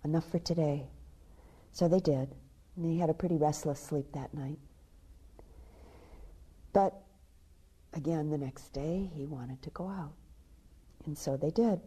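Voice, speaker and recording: A woman meditation teacher giving a dharma talk. She tells a teaching story softly and drops into hushed, half-whispered passages. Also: deep voice, measured pace, long pauses, slightly rough.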